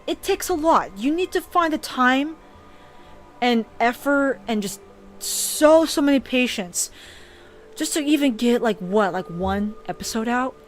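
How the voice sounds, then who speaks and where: A woman's voice: a little high, unhurried, faint music behind. Earnest young woman, teary stammering. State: teary and emotional. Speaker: streamer and animator. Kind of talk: casual live-stream chat.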